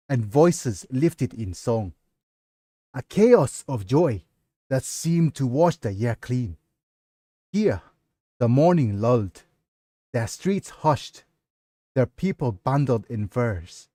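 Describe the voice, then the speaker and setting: A homesick monk far from home speaks in a Nigerian accent, as a man reads him from his own novel. He talks slowly and wistfully, like a storybook narrator. The sound is dry and close, with no room around it. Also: mid-range voice, mellow, dry recording. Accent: put-on Nigerian. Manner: slow, wistful storybook reading.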